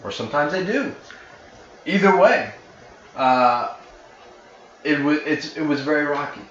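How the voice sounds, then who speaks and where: A man's voice: fairly high pitch, lively intonation, a little slow, a bit bright, slight background noise. A man narrating a tabletop game as game master in a loose, conversational way with many fillers. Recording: roomy, slightly dull recording.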